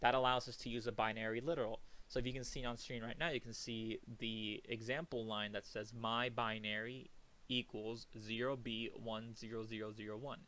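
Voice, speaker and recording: A young man giving a recorded coding lecture, casual and talky, thinking aloud and counting out loud as he works. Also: medium pitch, flat delivery, normal speed. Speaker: programming instructor.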